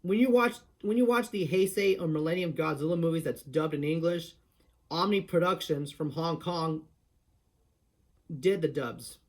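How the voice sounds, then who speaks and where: Talking at normal speed, a man with a slightly raised pitch covers each step of a voice impression tutorial casually, often breaking off and restarting his sentences.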